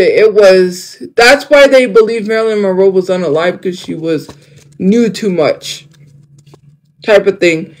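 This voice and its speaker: High-voiced young man rambling on stream. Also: a little mellow, rough recording. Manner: rambling, filler-heavy, jumps between topics. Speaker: livestreamer. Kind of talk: casual livestream chat.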